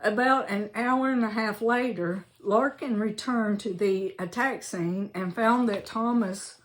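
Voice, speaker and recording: A woman's voice: medium pitch, measured pace. A woman, reading a local history book aloud in a chatty way, with asides and self-corrections. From Alabama, US.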